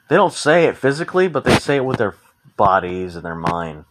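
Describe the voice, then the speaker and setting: A man's voice: mid-range voice, very animated, brisk. A young man hosting a casual solo podcast, talking frankly and with plenty of swearing, rambling through his story and acting out what people said. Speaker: podcast host. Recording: noticeable background noise.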